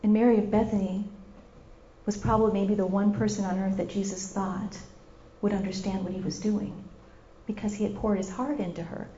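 A woman's voice: medium pitch, fairly even intonation, moderate pace, dark tone, slight background noise. A woman preacher giving an impassioned sermon, repeating her phrases and acting out scenes as she goes. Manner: impassioned, repetitive, acts out scenes. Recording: dull lo-fi recording.

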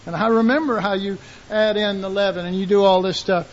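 A man preaching a sermon in a folksy, animated way, acting out quotes and shouting call-and-response lines. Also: high voice, fairly quick, muffled recording.

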